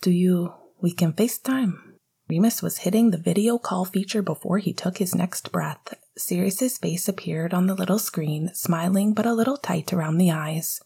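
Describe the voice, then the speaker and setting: A woman whispering a story aloud in a hushed, intimate reading. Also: on the low side, normal speed, creaky, hardly any pauses, husky. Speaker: narrator. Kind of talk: whispered narration.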